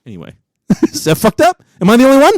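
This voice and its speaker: A man in his forties, co-hosting a podcast, telling stories in a profane, animated way and laughing often. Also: very high voice, quick pace, dry recording, clean studio sound. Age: 40s. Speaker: podcast co-host. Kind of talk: casual chat.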